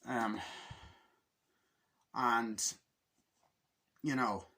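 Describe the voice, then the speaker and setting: Excitable, foul-mouthed man with a husky voice. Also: medium pitch, drawn-out words. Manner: excitable and heavily profane, acts out scenes in loud impressions. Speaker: movie reviewer. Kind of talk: casual spoken review.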